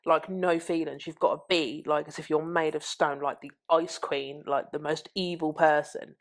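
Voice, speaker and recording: A woman sits as a podcast guest, speaking in a fairly low voice. She tells her story candidly and bluntly, swearing without hesitation. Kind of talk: frank personal storytelling.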